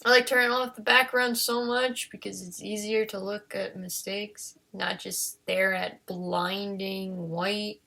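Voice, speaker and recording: A woman's voice: medium pitch, fairly even intonation, a little slow, vocal fry, few pauses, sharp tone. A woman chatting casually while she draws, rambling playfully and talking to her dog between comments. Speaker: digital artist. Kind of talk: casual chat while drawing.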